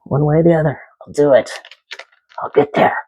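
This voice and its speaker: A middle-aged woman cooking vlogger chats while she cooks, telling jokey stories with playful asides in a low, slightly fast voice with a breathy edge. The highs in the recording are cut off.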